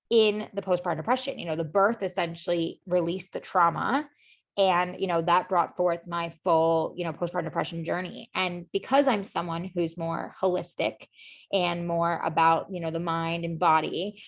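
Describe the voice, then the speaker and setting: A woman with a slightly low voice speaks as a podcast guest, telling her story earnestly. She talks openly and fills her sentences with "like" and "you know.". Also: steady tone, normal speed. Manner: heavy use of "like" and "you know" fillers; earnest and emotionally open. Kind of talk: candid personal storytelling in conversation.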